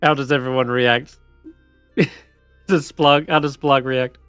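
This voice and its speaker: A man's voice: mid-range voice, fairly even intonation, slow pace, fairly bright tone, smooth, dry recording, faint music behind. Casual, laughing male dungeon master. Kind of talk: narrating a tabletop game.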